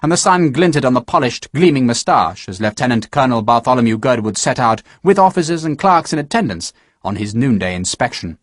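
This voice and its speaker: In scripted audiobook narration, this man's medium-pitched voice sits close to a studio mic, free of echo. He reads with a measured, expressive storytelling delivery.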